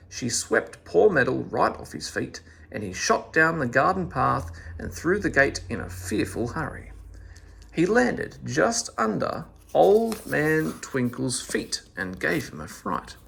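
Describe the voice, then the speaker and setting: A man reading a children's story aloud in an expressive, animated storytelling manner. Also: mid-range voice, measured pace, creaky, breathy edge.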